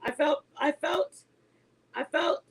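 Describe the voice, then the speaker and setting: A woman in her forties, a mother, telling a story to her online viewers in a casual, animated way. She is emphatic and laughs often as she talks. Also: sits high, slow pace, low-quality recording. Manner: animated and emphatic, insisting she is not lying.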